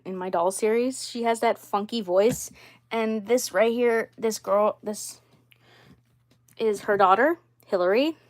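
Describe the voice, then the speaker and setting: A woman with a somewhat high voice chats casually as she shows off her doll collection. She rambles along with plenty of fillers and keeps clearing her throat. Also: a bit bright. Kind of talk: casual chat showing dolls.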